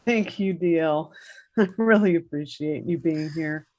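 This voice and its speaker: A host of a poetry event, talking casually to the audience with a few fillers. The voice sits at mid pitch and the sound is dry and close. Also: measured pace, a little mellow, no echo. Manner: conversational, with fillers.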